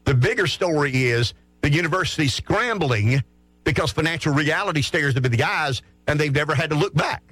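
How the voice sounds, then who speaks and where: A middle-aged man from South Carolina hosting opinionated sports talk radio, blunt and animated, often stammering and restarting his words. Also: a little high, no echo. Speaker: radio talk show host.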